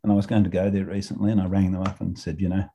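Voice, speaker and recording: Australian male podcast co-host, mellow low voice, a bit husky, a chatty storyteller who swears freely. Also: little pitch movement, racing, a little hiss or hum. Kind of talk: casual chat.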